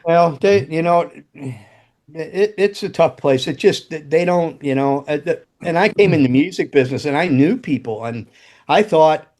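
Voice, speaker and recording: A man's voice: on the high side, lively intonation, moderate pace, a little mellow. A man telling rambling, profane stories in casual chat as a podcast guest. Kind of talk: casual storytelling.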